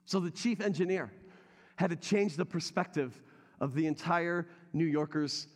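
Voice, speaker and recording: A man's voice: a little high, moderate pace, big-room sound. A man preaching a sermon as pastor in a church, talking conversationally and addressing the congregation directly.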